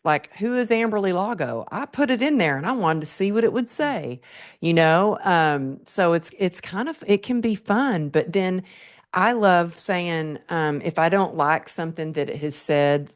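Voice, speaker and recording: A middle-aged woman, hosting a podcast interview in a chatty, enthusiastic way. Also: sits low. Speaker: podcast host. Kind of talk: casual interview chat.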